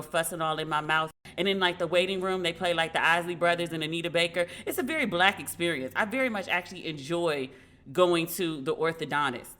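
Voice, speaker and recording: Bright, animated woman podcast host. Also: on the low side. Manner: animated storyteller acting out dialogue, frank and profane. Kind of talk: casual commentary.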